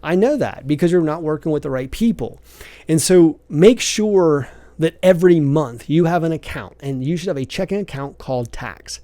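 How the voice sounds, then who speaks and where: A man's voice: a little high, animated, moderate pace, warm tone, no room sound. A man hosting a podcast, giving earnest, emphatic business advice in a preachy monologue. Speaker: podcast host, business coach.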